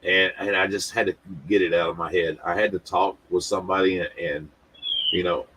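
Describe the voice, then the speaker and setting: A man's voice: low-pitched, level tone, fairly quick, very noisy. A man hosting a casual livestream, rambling and talking straight to his viewers, often repeating words. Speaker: livestream host.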